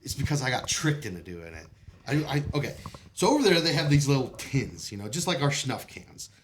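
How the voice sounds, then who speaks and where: A man's voice: mid-range voice, fairly quick, slight background noise. A man telling his old service stories in a casual podcast chat, cursing freely and laughing through his tales. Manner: animated, profane, laughs often while telling stories.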